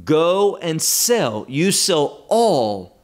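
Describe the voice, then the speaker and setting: A man teaching verse by verse through a Bible passage, slow and emphatic, stressing key words. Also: on the high side, very animated.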